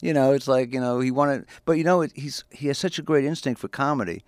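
A man in an interview speaks as a comedian guest, rambling and tripping over his words with restarts like "I, I, I". His voice sits at an ordinary pitch. The sound is dry and close with no room echo. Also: quick pace. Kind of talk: casual interview chat.

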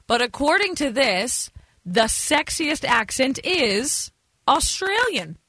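A woman's voice: sits high, sing-song, slow pace, a bit bright, dry recording. A woman co-hosting a radio show with a slight Southern accent, chatting and telling stories casually. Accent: slight Southern American. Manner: chatty, storytelling, conversational.

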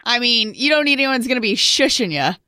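A woman co-hosting a morning radio show in a studio, blunt and quick to defend the caller. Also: fairly high pitch, very animated, very noisy. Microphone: studio mic.

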